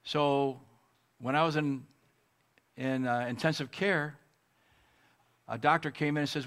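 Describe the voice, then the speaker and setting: A man who is a pastor, preaching a sermon and telling a personal story in an earnest, emotional way with pauses. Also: a little high, steady tone, fairly bright tone.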